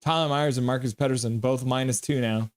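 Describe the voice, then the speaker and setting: A man's voice: mid-range voice, brisk, no echo, clean studio sound. Man streaming a hockey reaction. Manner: animated, reacts and jokes with chat. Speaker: live stream host. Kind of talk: live game reaction while reading chat.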